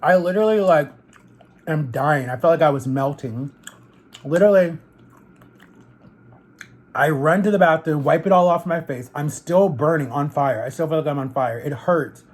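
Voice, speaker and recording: A man's voice: fairly high pitch, normal speed, long pauses. A man vlogging in a casual, rambling storytelling way while he eats, leaning heavily on fillers like "like" and "literally.". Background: eating on camera between sentences.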